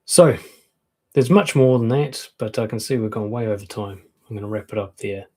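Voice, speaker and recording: Low husky-voiced man giving frank advice. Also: normal speed, mellow. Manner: frank, conversational, acts out quoted comebacks. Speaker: relationship coach. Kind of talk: live-streamed advice talk.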